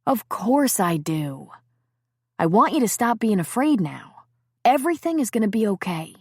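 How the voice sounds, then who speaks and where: A woman's voice: medium pitch, big pitch swings, normal speed, breathy edge, no echo, clean studio sound. A woman voicing an anxious young man who talks earnestly and tries to soothe his girlfriend. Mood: soothing. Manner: earnest, soothing, a little shaken. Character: guilty, anxious young man, gentle with her.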